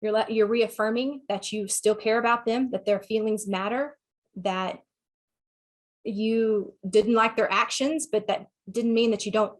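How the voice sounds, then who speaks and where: Southern-accented woman giving frank advice. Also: medium pitch. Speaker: sex therapist speaker. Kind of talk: online talk answering questions.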